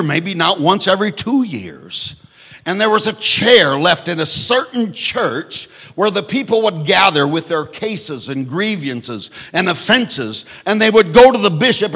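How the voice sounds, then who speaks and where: A husky-voiced male pastor preaching a sermon, his voice sitting a little high for a man. He swings between shouted lines and hushed, near-whispered ones, with wry joking asides. The room trails off in a long hall reverb.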